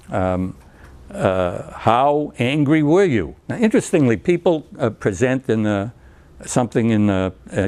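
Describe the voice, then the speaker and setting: In a lecture room, an older man with a mid-range, slightly mellow voice gives an anecdotal talk on recovery therapy to a group. He's chatty, full of fillers and restarts, acting out dialogue and chuckling between points.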